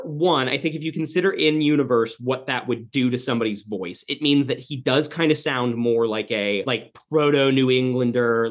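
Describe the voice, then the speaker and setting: A man co-hosting a podcast, talking casually about a film, rambling with lots of fillers and swearing. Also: mid-range voice. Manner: rambling, animated, swears a lot, many fillers. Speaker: podcast co-host. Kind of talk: casual movie discussion.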